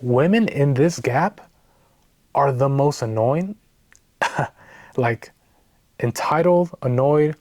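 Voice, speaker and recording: A man's voice: mid-range voice, takes it slowly, pauses often, a little mellow, dry recording. A man telling a story in a casual vlog, in a frank, exasperated way that keeps checking in with "right?". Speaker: vlogger.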